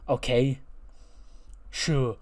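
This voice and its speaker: A man's voice: medium pitch, flat delivery, drawn-out words, a little mellow. A man voicing an arrogant, self-crowned male wrestling champion who sneers and boasts. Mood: sneering.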